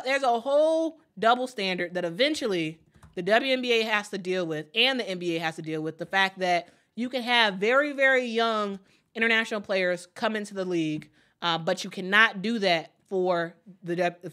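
A woman hosting a casual live watch party, chatty and excitable, often repeating her phrases and reading viewer comments aloud. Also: medium pitch, moderate pace. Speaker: host of a draft watch party stream.

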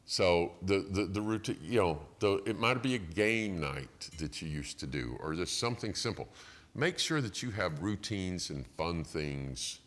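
A middle-aged man preaching in a church, his low voice bright and forceful. He swings widely in pitch as he tells stories, acting out quotes with a chuckle here and there. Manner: animated storytelling with acted quotes and chuckles. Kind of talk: sermon.

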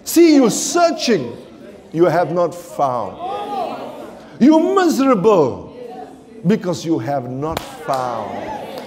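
A South African man preaching a sermon in a church, impassioned, swinging from shouted declarations to low murmurs. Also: wildly swooping pitch, drawn-out words, pauses often, a crowd in the background. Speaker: pastor. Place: church sanctuary with congregation.

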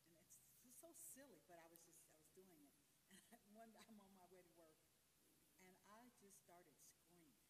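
A woman's voice: on the low side, normal speed. A woman in a church class candidly sharing a personal story, laughing now and then. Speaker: class member. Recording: distant voice in an echoey hall, loud noise.

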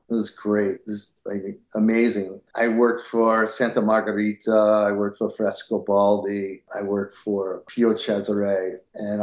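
Animated storytelling man in a roomy room. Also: lowish voice. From New York. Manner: animated storyteller, laughs often, acts out quoted voices. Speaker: guest, winery founder. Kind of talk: storytelling interview.

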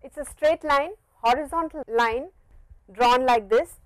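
A woman with an Indian English accent gives a patient Japanese lesson in a somewhat high voice. She repeats each phrase slowly so learners can follow. The sound is dry and close, with no room echo. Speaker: Japanese language teacher. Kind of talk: classroom lecture. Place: teaching studio with a board.

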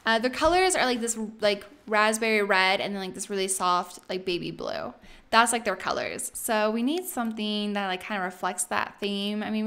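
A woman hosting a let's play, chatting excitedly through casual gameplay commentary with lots of "like". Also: mid-range voice.

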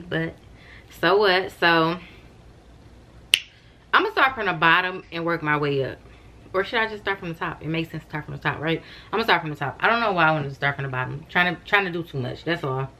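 A woman's voice: sits low, bright, forceful tone, a little hiss or hum. A young woman vlogging from home in a casual, chatty way, often calling her viewers "y'all". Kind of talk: casual chat to camera. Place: at home, wrapped in a robe and blanket.

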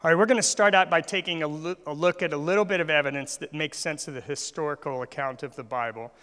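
A man's voice: fairly high pitch, fast talker, sharp tone, smooth. A male guest speaker giving a church talk, often asking the audience questions. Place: church hall. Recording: long hall reverb.

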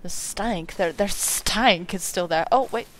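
A woman hosts a let's play, offering casual gameplay commentary in a mid-range voice at a measured pace. She's giggly and excitable, breaking into sudden exclamations.

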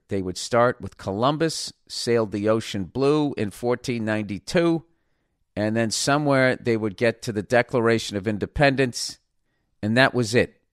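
A man's voice: mid-range voice, no echo, studio quality. A man hosting a podcast, rambling through a casual comedic monologue with lots of swearing and sudden mocking voices. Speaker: podcast host.

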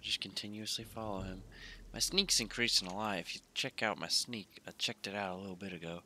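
A man's voice: fairly low pitch, steady tone, brisk, bright, forceful tone, slight background noise. A man casually commenting on his gameplay in a laid-back, drowsy, mumbling way. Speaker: gaming YouTuber.

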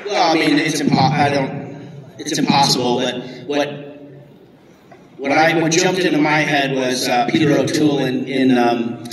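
A man's voice: medium pitch, steady tone, measured pace. A man on a convention panel, telling stories in a jokey way and laughing often. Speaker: actor panelist. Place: large indoor convention hall. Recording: echoey hall from far off with crowd.

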